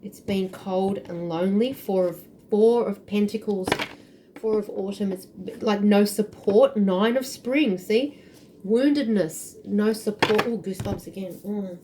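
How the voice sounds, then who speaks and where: A woman's voice: medium pitch, unhurried, background noise. A woman giving an intuitive tarot reading to camera, earnest and emotional, often searching aloud for the right word. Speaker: tarot reader.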